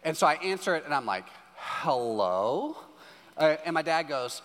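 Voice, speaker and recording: A man preaching a sermon as a pastor, telling a story with lively acted-out dialogue. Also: fairly high pitch, normal speed. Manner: animated storytelling, acting out dialogue. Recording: hall reverb with faint music.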